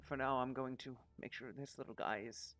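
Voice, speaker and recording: A man's voice: mid-range voice, steady tone, moderate pace, fairly bright tone, natural voice. A man voicing a grateful, shaken young nobleman who stammers out his thanks. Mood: earnest.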